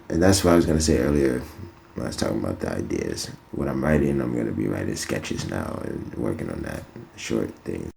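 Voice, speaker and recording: A man riffing a loose comic monologue in an empty closet, self-amused and breaking into loud laughing riffs. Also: a bass voice, creaky, a little hiss or hum.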